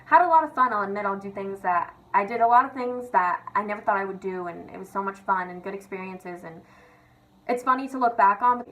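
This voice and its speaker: A woman's voice: medium pitch, fairly quick, bright, forceful tone, rough recording. A young woman vlogger rants casually and confessionally, chatty and sweary, leaning on "like" and "literally". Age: young adult.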